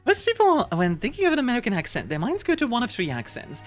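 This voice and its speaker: Over soft background music, a woman streamer reads her viewers' messages in a casual chat. Her voice is on the high side and swoops wildly in pitch, and she talks fast, giggling, rambling, and restarting often.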